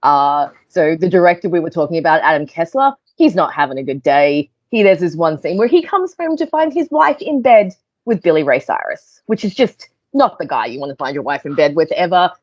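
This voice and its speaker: A woman in casual film chat, recounting scenes in an animated way. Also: low-pitched, a little fast, no echo. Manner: animated storyteller, laughs while recounting. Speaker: guest film reviewer.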